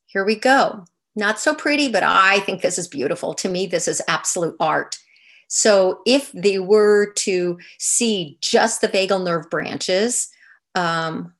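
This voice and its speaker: An older woman giving an online lecture over slides, explaining in a soft, unhurried way. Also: mid-range voice, lively intonation. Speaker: movement teacher.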